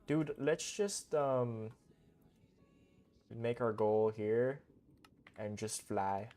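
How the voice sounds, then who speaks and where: A young man streaming a game, talking casually in a goofy, excitable, rambling way full of slang. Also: mid-range voice, very slow. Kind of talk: casual live-stream commentary.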